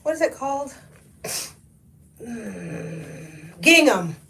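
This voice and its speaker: A chatty, high-voiced woman shows off her thrift finds to viewers on a live stream. She is sniffly from allergies. The sound is echoey, with the mic set back from her in the room. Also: drawn-out words, gravelly, distant mic. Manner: chatty and expressive, talks to viewers, laughs often. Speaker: thrift haul host. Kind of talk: live-stream haul chat.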